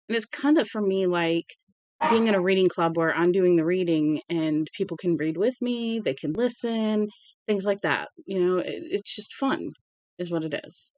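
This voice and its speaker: An amateur audiobook reader giving a casual read-aloud with chatty asides, stumbling on words and correcting them out loud. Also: mid-range voice, no room sound. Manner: conversational and unpolished.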